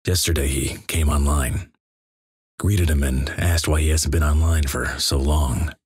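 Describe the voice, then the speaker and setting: A man reads an internet story aloud in a flat, deadpan delivery. His voice is extremely low and noticeably husky. The sound is dry and close, with no room echo. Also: a little slow. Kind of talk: reading a greentext story.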